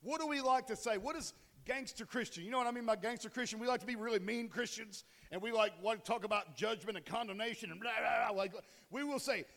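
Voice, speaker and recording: Man, pastor, high-pitched, conversational and joking, long church reverb. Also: fast, gravelly, hardly any pauses, a bit bright. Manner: joking, conversational, asks the congregation questions. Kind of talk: casual humorous sermon. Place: church sanctuary.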